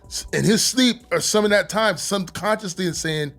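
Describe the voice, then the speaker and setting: A middle-aged man, a podcast guest, telling his story in a casual, animated, profane way with many restarts. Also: high voice, moderate pace, hardly any pauses, faint music behind.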